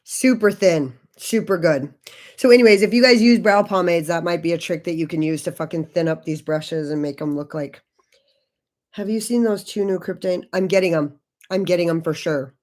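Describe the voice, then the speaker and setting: Speaking briskly in a lowish voice, a woman in her forties hosts a laid-back makeup livestream. She's chatty with viewers and curses freely as she talks.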